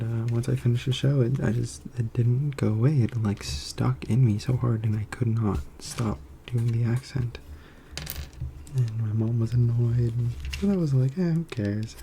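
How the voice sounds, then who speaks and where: A young man from the United States rambling in soft-spoken ASMR, meandering with many fillers. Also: medium pitch, steady tone, normal speed, gravelly, a little hiss or hum. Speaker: ASMR creator.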